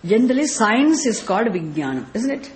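Brisk and very animated, a woman from Tamil Nadu, India, with a fairly high voice and a South Indian accent, teaches from scripture as a spiritual guide. She quizzes listeners through rhetorical questions about Sanskrit terms, over a slight hiss or hum.

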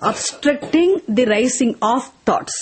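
A woman teaching Sanskrit words in a slow, deliberate class lesson, having students repeat after her. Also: sits high, lively intonation, slight background noise. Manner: slow deliberate explaining, switching into Tamil and chanting verses. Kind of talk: class lesson with call-and-response recitation.

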